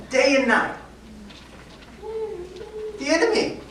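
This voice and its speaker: A woman's voice: deep voice, moderate pace. Lady preacher telling a story, lots of ups and downs in her voice, far off mic w/ background noise. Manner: animated, conversational, acts out dialogue. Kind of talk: storytelling sermon. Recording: echoey hall from far off, noisy.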